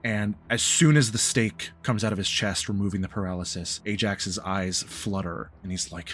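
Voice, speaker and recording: A man narrating a tabletop role-playing game as game master, calm and descriptive. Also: fairly low pitch, normal speed, a little hiss or hum.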